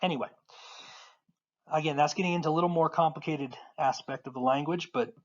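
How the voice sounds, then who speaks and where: A Portuguese teacher giving a casual recorded lesson, patiently repeating words slowly for learners. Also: medium pitch, dull audio.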